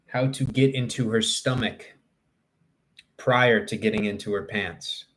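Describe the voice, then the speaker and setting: A man's voice: lowish voice, unhurried, a bit bright. A young man chatting casually on a livestream, rambling and joking crudely as he answers his chat. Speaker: live streamer.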